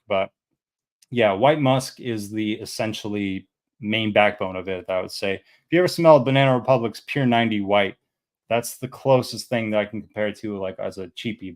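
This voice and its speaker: A man's voice: lowish voice, a little mellow. A man of about thirty reviewing fragrances in a casual, rambling chat, full of fillers and easy enthusiasm.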